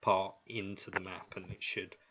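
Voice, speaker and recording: A man narrating as game master of an online tabletop game, slow and halting with many ums. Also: sits low, flat delivery, noisy background.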